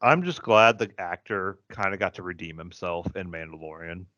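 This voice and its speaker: Low-voiced midwestern dude geeking out, dry muffled podcast sound. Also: male voice, normal speed, sharp tone, no echo. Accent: Midwestern American. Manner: enthusiastic fan, rambling storyteller. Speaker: podcast co-host. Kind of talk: casual chat. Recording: dry, dull lo-fi podcast audio.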